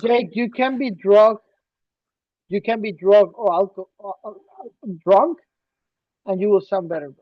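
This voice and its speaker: A man co-hosting a casual podcast, emphatic and ranting, swinging between loud bursts and quiet asides. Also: sits high, measured pace, long pauses, no echo. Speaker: podcast co-host. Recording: dull, dry lo-fi sound.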